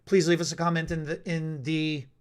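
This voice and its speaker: A man hosting a live stream, talking in a halting way with many repeated words. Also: on the high side, flat delivery, clean tone. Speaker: podcast host.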